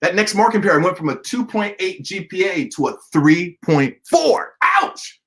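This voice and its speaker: A man's voice: sits high, a little fast. A man giving a motivational talk, telling a story animatedly and speaking directly to his listeners. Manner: animated, acts out dialogue, addresses listeners directly. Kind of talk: motivational storytelling to an online audience.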